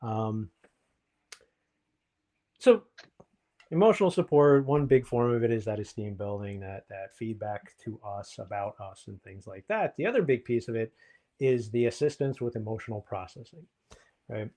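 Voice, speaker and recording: A man's voice: lowish voice, moderate pace, pauses often, mellow. A man, a therapist co-hosting a podcast, explaining things in a reflective, casual way with frequent ums.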